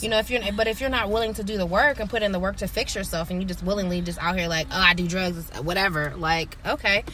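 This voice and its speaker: A woman's voice: medium pitch, quick pace, bright, forceful tone, slight background noise. A woman co-hosting a casual podcast, giving her opinions in a blunt, outspoken way. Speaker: podcast co-host.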